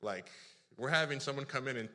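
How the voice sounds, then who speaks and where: A man from Africa, telling an animated, self-deprecating story in a sermon, full of restarts. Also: medium pitch, a little fast. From South Africa. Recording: reverberant hall.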